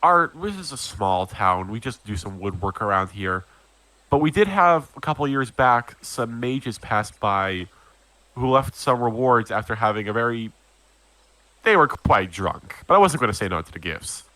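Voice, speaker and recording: A man's voice: mid-range voice, sing-song, normal speed, sharp tone. A man voicing a polite, businesslike small-town mayor in a tabletop game, rambling with hesitations. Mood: chatty.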